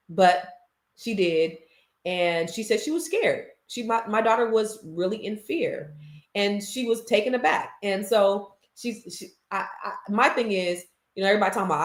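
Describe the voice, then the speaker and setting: A woman's voice: medium pitch, moderate pace. A middle-aged woman in a casual vlog rant, heated and emphatic, swearing freely. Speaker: social media commentator. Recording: roomy echo.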